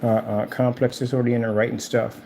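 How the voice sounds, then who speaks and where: Male vlog host, gravelly and mellow, rambling and mocking. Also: medium pitch, level tone, brisk, a little hiss or hum. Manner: taunting, rambling and repetitive. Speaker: channel host. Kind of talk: casual trash-talking monologue.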